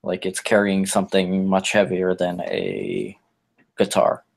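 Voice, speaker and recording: A man narrating his character in a tabletop game, halting and full of fillers. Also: deep voice, sing-song, gravelly, low-quality recording. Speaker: player. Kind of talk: casual tabletop role-play narration.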